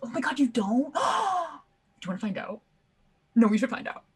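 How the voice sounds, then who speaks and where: A woman's voice: high voice, big pitch swings, normal speed, breathy edge. A woman playing a tabletop role-playing game, chatty and giggly. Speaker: player. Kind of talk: casual chat around a tabletop game.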